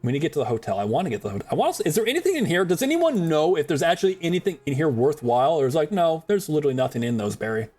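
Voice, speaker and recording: A male game streamer chatting through his play in a joking, profane, rambling way. His slightly high voice bounces around a lot in pitch as he talks. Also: very animated, rapid-fire, hardly any pauses, a little mellow, breathy edge. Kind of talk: casual gaming commentary.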